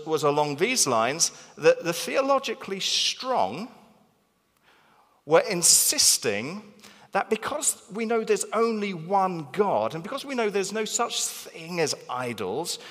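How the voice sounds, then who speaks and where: A man preaching a sermon in a church hall, animated and emphatic, repeating phrases for stress. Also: on the high side. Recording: long reverb of a large hall.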